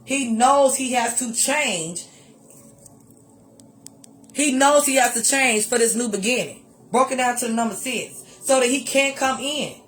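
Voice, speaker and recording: A woman reads tarot for her viewers at a measured pace, her fairly high voice broken by long pauses over slight background noise. Still animated and exclamatory, she repeats phrases for emphasis and calls listeners honey.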